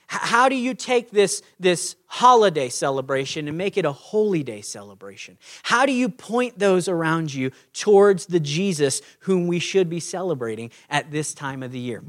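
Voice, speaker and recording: A man gives a sermon in a conversational preaching style, acting out little scenes as he talks. His voice sits high for a man and swoops up and down with energy. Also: normal speed. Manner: animated, conversational preaching with acted-out quotes. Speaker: pastor.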